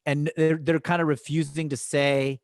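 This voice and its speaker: A man, an improv teacher guesting on a podcast, telling animated stories in casual chat and laughing often. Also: fairly high pitch, moderate pace, no room sound, studio quality.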